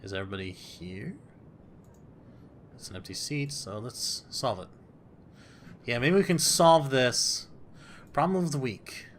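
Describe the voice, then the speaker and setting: A man commenting as he plays a story game, jokey and excitable, often laughing at himself. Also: medium pitch, a little slow, pauses often, a little hiss or hum. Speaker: gameplay commentator. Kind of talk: let's play commentary.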